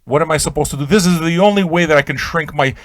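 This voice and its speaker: A man hosting a radio show, telling an improvised absurd comic story in a rambling, stammering way with sudden shouted outbursts. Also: fairly high pitch, quick pace, no room sound, clean studio sound.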